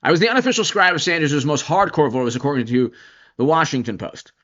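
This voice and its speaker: Bright-voiced man rambling through commentary. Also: fairly high pitch, very animated, quick pace, lo-fi sound. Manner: rambling, with many restarts and asides. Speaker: political commentary host. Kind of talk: casual political commentary.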